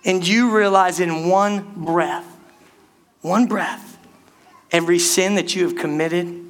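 A man preaching a sermon to his church, animated and calling out to the congregation, rushing some phrases and drawing others out. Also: high-pitched. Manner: animated preaching, speeds up and slows down, calls out to the church. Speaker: pastor.

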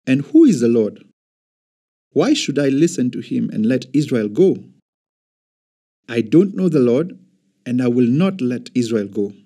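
A man reading the lines of a stubborn, scornful Egyptian king, sharp and scolding. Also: mid-range voice, sing-song, measured pace, pauses often, breathy edge, heavily acted. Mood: dismissive. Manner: sharp, scolding, shouting at times.

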